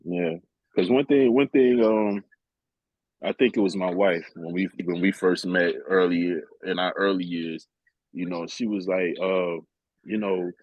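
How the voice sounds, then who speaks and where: A man's voice: low-pitched, steady tone, measured pace, no echo, muffled recording. A man in a casual heart-to-heart talk, telling stories in a laid-back, streetwise way. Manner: laid-back, streetwise storytelling, chuckles often.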